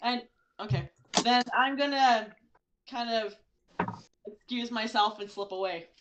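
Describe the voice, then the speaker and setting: A woman's voice: a little high, a little slow, muffled recording, background noise. A woman playing a tabletop game, talking casually and bluntly with plenty of swearing. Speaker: player.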